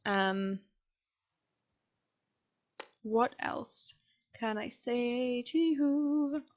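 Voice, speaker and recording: Speaking with a somewhat high voice and drawn-out words, a young British university student gives a casual voiceover on her Sims build. She rambles and is self-deprecating, and the desk-microphone audio has the highs cut off.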